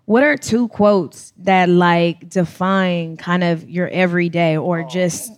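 Slow-talking co-host asking questions. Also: medium pitch, fairly even intonation. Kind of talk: interview questions.

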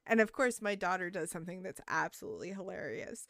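A woman's voice: on the low side, fast talker, no echo, studio quality. A middle-aged woman in casual chat, telling stories and acting out the lines she quotes. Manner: animated storyteller, acts out quotes.

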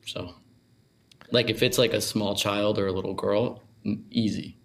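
A man's voice: on the low side, steady tone, a little slow. A young man co-hosting a podcast, chatting casually in a hesitant, self-deprecating way. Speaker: podcast co-host. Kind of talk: casual chat.

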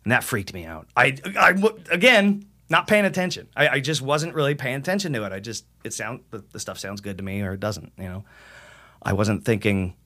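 Pushed and bright, his mid-range voice moves fairly quickly with lively intonation. The man is a metal singer on a podcast, wandering through casual talk, swearing often and acting out quoted lines, recorded dry.

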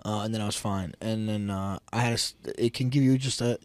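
A man, a wrestling coach hosting a casual chat, telling stories animatedly and acting out quotes with sudden loud outbursts. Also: on the low side, steady tone, fairly quick, no echo. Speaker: podcast host, wrestling coach.

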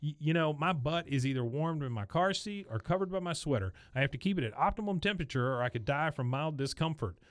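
A man's voice: fairly high pitch, expressive, fast, hardly any pauses, no room sound, pitched above the performer's own voice, natural voice. A man voicing a fed-up middle-aged housewife who mocks other moms in a sugary, sarcastic tone. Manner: mock-sweet, sarcastic.

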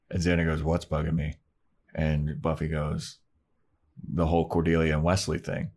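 Low-voiced man casually recapping. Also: moderate pace. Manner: animated retelling, acting out characters' lines, swears and laughs. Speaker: podcast co-host. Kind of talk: casual chat recapping an episode.

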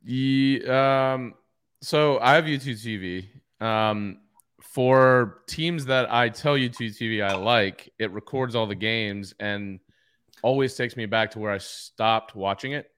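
A man hosting a college football podcast, speaking in a measured way and steering the conversation with questions. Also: medium pitch, a bit bright, clean tone. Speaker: podcast host. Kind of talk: casual sports chat.

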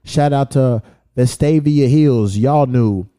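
A man's voice: mid-range voice, slow, warm tone. A man hosting a casual podcast, talking loosely and swearing as he reads out where his listeners are. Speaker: podcast host. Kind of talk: casual chat.

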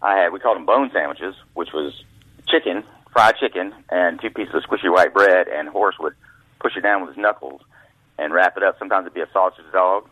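A man with a low, husky voice tells folksy stories as a guest, slipping into other people's voices. His pitch swings widely. The line is thin and phone-like, with no room echo. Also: brisk. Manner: folksy anecdotes, acts out voices. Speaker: guest author, former caddy. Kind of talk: storytelling interview. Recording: dry tinny phone line.

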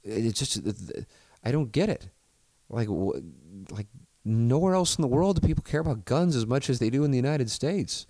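A man's voice: mid-range voice, expressive, normal speed, warm tone, no echo, voice pushed up, lightly acted. A man voicing a friendly older male golfer from overseas, with a put-on half-Irish lilt. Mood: bemused.

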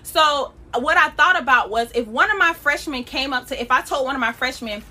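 A young woman preaches casually on her podcast, talking in a lively, slangy way and often breaking into laughter. Her voice sits high and bright and carries a lot of energy. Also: a little fast. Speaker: podcast host.

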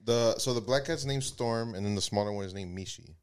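Brief: male co-host, very low voice, mellow short answers. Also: a little fast, smooth. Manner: relaxed, brief agreeable remarks. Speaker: podcast co-host. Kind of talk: casual podcast chat.

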